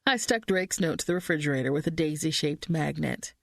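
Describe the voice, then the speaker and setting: A woman narrating a mystery novel as an audiobook in the first person, reading in a steady, measured way on a close studio mic. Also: deep voice, gravelly, no echo.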